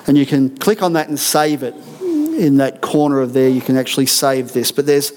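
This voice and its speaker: A man's voice: medium pitch, a little mellow. Earnest middle-aged man preaching. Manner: earnest, emphatic preaching with repeated declarations. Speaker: senior pastor. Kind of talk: sermon. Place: church auditorium.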